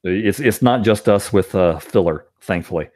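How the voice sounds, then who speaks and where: A man's voice: deep voice, normal speed, no echo, clean studio sound. A middle-aged man hosting a podcast in casual chat, talking with lots of fillers and frequent laughs. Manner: animated, laughs often, many fillers. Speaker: podcast host.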